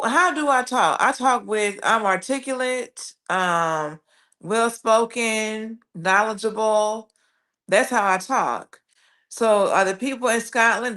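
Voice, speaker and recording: A woman's voice: on the high side, fairly bright tone. A woman hosting a live stream, reading viewer comments aloud and answering them in a chatty, casual way. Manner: chatty, reads comments aloud with quick reactions. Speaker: livestream host reading chat.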